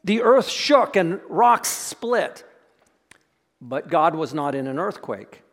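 A male pastor with a notably high voice delivers a reflective sermon, often letting his voice sink to a soft hush on key words. The sound hangs in a long church reverb. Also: sing-song, slow. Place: church sanctuary.

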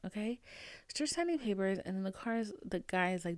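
A young adult woman hosting a podcast, telling a story in an animated, profane and emphatic way and often tossing in "okay?". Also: medium pitch, brisk, no room sound, clean studio sound. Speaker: podcast host. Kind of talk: casual storytelling monologue.

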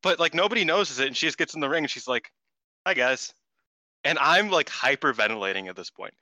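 A man co-hosting a casual podcast chat, excitable and profane, talking with lots of restarts and fillers. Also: a little high, fast, no room sound. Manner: excitable, swears freely, many restarts. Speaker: podcast co-host.

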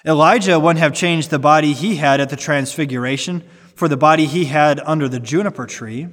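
A man's voice: a little high, brisk, fairly bright tone. A man reading a nineteenth-century sermon aloud in an earnest preaching cadence with strongly shifting emphasis. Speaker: sermon reader. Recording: long reverb.

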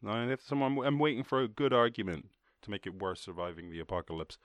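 A man's voice: lowish voice, expressive, fast talker, no echo, clean studio sound. A man with an Irish accent hosting a podcast, talking in a rambling, casual way with lots of swearing, and laughing at himself. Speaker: podcast host. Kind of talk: casual chat and freestyle rap.

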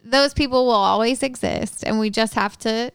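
A woman's voice: on the high side, normal speed, vocal fry, smooth, no room sound. A woman co-hosting a podcast, chatting casually in a wry, teasing way. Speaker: podcast co-host. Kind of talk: casual chat.

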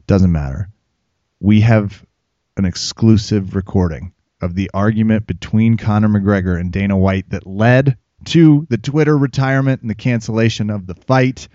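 A man's voice: on the low side, moderate pace, warm tone, dry recording. A man hosting a podcast, announcing in a mock-serious news voice and bantering. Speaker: podcast host. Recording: dull dry lo-fi podcast audio.

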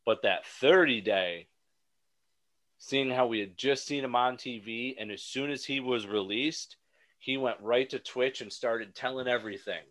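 Bright-voiced man chatting on a podcast. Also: medium pitch, a little slow. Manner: animated, rambling with restarts. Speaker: podcast co-host. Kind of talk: casual chat.

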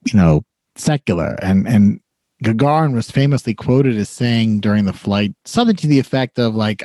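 A man co-hosts a podcast, chatting casually and rambling, with plenty of fillers and restarts. His voice is fairly low and mellow, at a normal speed. The recording is dry and studio quality.

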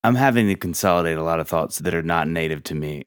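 A man in his thirties hosting a casual faith and parenting podcast, telling stories with lively acted-out quotes and frequent laughs. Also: low voice, quick pace, clean tone, no room sound, studio quality. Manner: animated storyteller, acts out quotes, laughs often. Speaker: podcast host.

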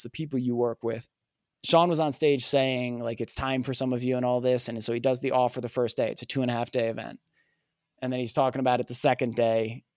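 A man guesting on a podcast, telling a personal story in an earnest, animated way and acting out the dialogue. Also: mid-range voice, no room sound, clean studio sound. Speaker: podcast guest, communication coach.

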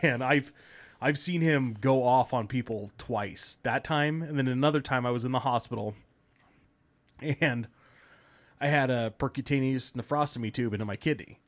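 A podcast host tells casual stories in a medium-pitched voice at normal speed. He's animated, swears, laughs as he goes, and acts out the people he quotes.

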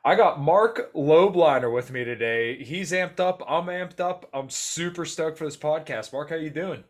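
A man's voice: fairly high pitch, normal speed. A man hosting a podcast, upbeat in his intro and brief with his questions. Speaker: podcast host.

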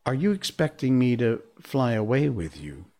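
A man voicing a gentle, guilty grown woman who speaks softly and hesitantly in a storybook reading. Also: medium pitch, big pitch swings, moderate pace. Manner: soft and hesitant.

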